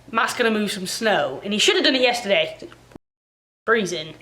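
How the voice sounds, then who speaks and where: A woman's voice: mid-range voice, a bit bright. A woman vlogging casually from her home, chatty and exasperated as she rants at the camera. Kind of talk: casual ranting vlog. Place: home in Canada.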